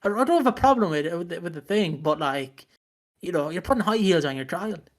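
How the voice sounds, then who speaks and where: Male podcast co-host, slightly high voice, crude joking banter. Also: animated, fairly quick. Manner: crude jokes, silly voices, swearing.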